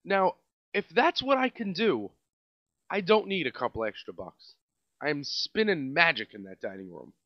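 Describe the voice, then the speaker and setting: A man with a New York accent doing a comedic rant as a podcast host, sarcastic and mocking, his voice swinging between loud outbursts and mutters. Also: fairly high pitch, very animated, moderate pace, no room sound, muffled recording. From Staten Island, New York.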